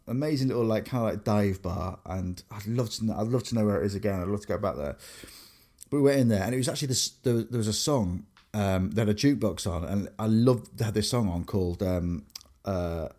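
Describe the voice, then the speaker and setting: A young English man, co-hosting a podcast, telling animated stories in casual chat with many restarts. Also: fairly low pitch. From England. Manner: animated storyteller, lots of fillers and restarts. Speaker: podcast co-host.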